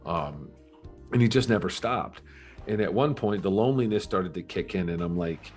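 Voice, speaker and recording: A middle-aged man, a podcast guest, telling his life story in a candid, earnest and reflective way, with halting restarts. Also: low voice, expressive, a little mellow, soft background music.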